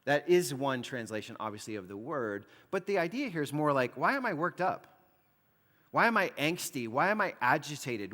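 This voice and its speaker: A man's voice: mid-range voice, a bit bright. A man preaching a sermon with a mid-range voice. He explains things conversationally, filling his talk with casual "like"s. His voice rings with the long reverb of a church hall. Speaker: pastor.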